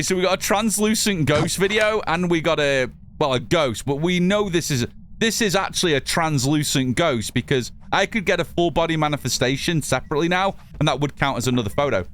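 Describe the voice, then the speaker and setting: A man's voice: on the high side, animated, a little fast, a bit bright. A man from the north of England with a mixed northern English accent, chatting casually with viewers while narrating his gameplay. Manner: chatty, reads chat aloud, swears casually. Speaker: streamer.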